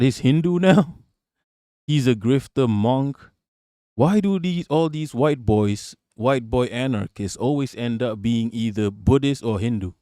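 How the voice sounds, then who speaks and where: A man's voice: mid-range voice, dark tone, no room sound, studio quality. Profane sarcastic man on a live stream. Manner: profane, sarcastic, talks to chat. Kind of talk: casual live-stream commentary.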